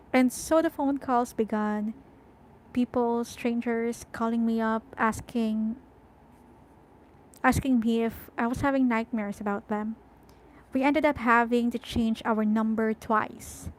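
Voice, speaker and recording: Slow, high-voiced woman reading a novel. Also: poor audio. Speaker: audiobook reader. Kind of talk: first-person novel reading.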